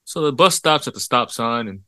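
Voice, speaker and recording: A man's voice: medium pitch, lively intonation, a little fast, sharp tone, no echo, clean studio sound. A young man co-hosting a casual podcast, telling an anecdote in a laid-back, profane way and laughing often. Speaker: podcast co-host. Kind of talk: casual chat.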